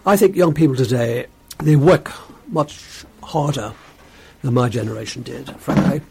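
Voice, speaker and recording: Gravelly older man, wry and lively. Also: mid-range voice, a little slow, background noise. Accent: Bolton, put-on transatlantic. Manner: dry, self-mocking humour. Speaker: guest, a co-host's father. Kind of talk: casual radio chat.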